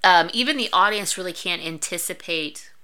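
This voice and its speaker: Bright lower-voiced woman recapping a plot. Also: normal speed, clear, resonant tone. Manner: recaps plots in detail. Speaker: podcast co-host. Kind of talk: casual chat.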